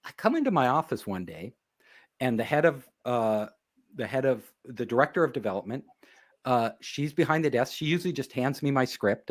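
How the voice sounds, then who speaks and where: A man, a guest on an interview show, telling a story in casual conversation and acting out the people in it. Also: medium pitch. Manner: animated, acts out quoted dialogue.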